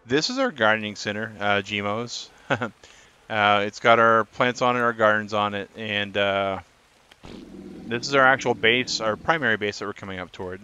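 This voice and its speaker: A man's voice: lowish voice, normal speed, sharp tone, smooth, highs cut off. A man giving live gameplay commentary as a streamer, chatting and answering viewers in chat. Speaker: gaming streamer.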